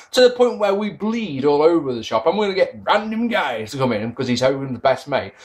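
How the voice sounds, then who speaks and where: A man's voice: on the high side, sing-song, a little fast. A man giving a casual spoken review, sarcastic and exasperated, swearing freely. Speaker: wrestling reviewer.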